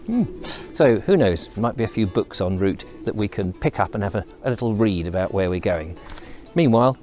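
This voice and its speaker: A man's voice: fairly low pitch, animated, fairly quick, music in the background. A middle-aged man from England vlogging outdoors while walking through countryside and woodland, chatty and enthusiastic, wandering off into asides. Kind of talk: casual outdoor walking vlog.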